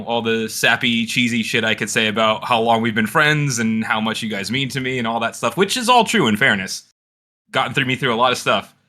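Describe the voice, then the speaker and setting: A man's voice: medium pitch, pushed and bright. A man hosting a casual podcast, talking in a profane, sarcastic way. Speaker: podcast host.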